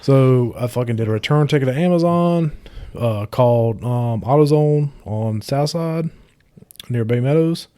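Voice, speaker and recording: A man's voice: medium pitch, measured pace, warm tone, smooth. A man telling a profane, swear-heavy story in casual podcast chat. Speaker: podcast guest.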